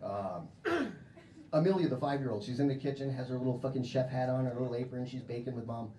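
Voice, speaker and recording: A man's voice: medium pitch, fast, mellow, far from the mic, slight background noise. An American man doing a stand-up comedy set in a club, crude and conversational, laughing at his own jokes. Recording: echoey club with crowd laughter.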